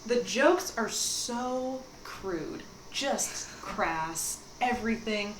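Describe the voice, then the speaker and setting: A young woman guest talking casually about comedy, relaxed, with fillers as she lists names. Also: medium pitch, drawn-out words, far from the mic. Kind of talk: casual chat. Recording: echoey room with noise.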